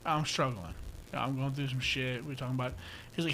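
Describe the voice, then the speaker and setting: A young man co-hosting a casual podcast, his talk salted with profanity. He tells stories in a lively way and turns loud when he acts out what friends said. A faint hiss of noise sits behind his voice. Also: medium pitch, brisk. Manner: profane, animated storytelling, acts out quotes loudly. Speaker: podcast co-host.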